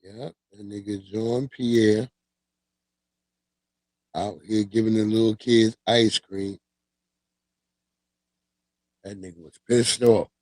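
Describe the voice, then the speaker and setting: A man's voice: lowish voice, steady tone, takes it slowly, long pauses, darkish tone, no echo. A man hosting a livestream, riffing casually with loose, profane storytelling and frequent laughs. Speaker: livestream host.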